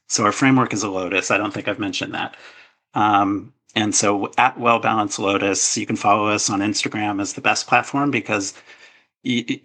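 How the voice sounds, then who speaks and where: Bright-voiced man, earnest author guest. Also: lowish voice, poor audio. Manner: earnest, hesitant with fillers and restarts. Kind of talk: casual interview talk.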